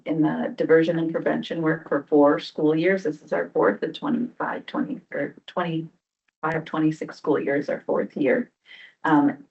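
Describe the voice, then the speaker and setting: A woman's voice: low voice, creaky, darkish tone. A woman presenting program results at a public board meeting, explaining steadily with frequent "um" fillers. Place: meeting room. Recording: dull lo-fi meeting recording.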